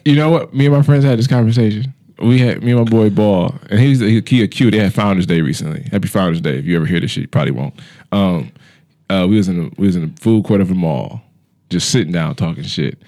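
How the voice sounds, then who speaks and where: A man co-hosting a podcast, telling loud, profane comedic stories with put-on voices. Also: deep voice, fast talker. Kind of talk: casual comedic chat.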